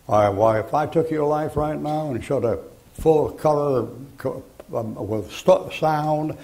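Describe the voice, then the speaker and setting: Gravelly older preacher, folksy and blunt. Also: male voice, medium pitch, dark tone, rough recording. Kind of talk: fiery sermon. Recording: archival sermon recording.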